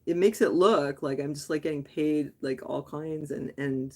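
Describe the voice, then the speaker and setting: A woman's voice: sits low, moderate pace, dark tone. A woman from Quebec, a native English speaker, hosting a casual late-night livestream and answering viewers' comments in a rambling, candid way. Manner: rambling and candid, thinking aloud with many "like"s and restarts. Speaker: livestream host.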